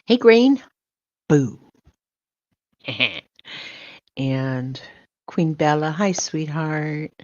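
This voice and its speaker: A woman's voice: deep voice, animated, extremely slow, long pauses, darkish tone, dry recording. An older woman hosting a livestream, greeting viewers one by one and calling them sweetheart and baby. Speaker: livestream host. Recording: dull lo-fi sound.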